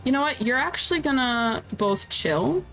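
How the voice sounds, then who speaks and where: A woman's voice: sits high, lively intonation, moderate pace, vocal fry, fairly bright tone, soft background music, low-quality recording. A woman in her thirties chatting casually as a streamer while playing a video game, candid and talkative. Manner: chatty and candid, reacts aloud. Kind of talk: casual gameplay commentary.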